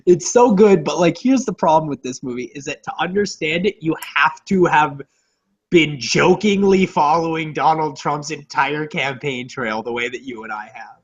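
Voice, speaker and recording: With a slightly high, breathy voice at a moderate pace, this podcast co-host chats casually about movies. He's animated and laughs often, swears, and puts on mocking voices when quoting, all on lo-fi sound.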